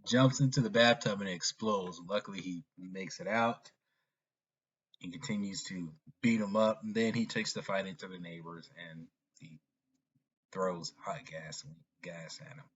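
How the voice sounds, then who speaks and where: A man giving a casual, rambling movie review, often restarting and filling pauses as he talks. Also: low-pitched, steady tone, slightly rough. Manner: rambling, with frequent restarts and fillers. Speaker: film reviewer. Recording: dull lo-fi recording.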